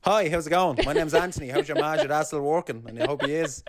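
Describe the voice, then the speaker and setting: A man's voice: on the high side, quick pace. A young Irish man co-hosting a podcast, telling rambling, jokey stories in casual chat. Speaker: podcast co-host.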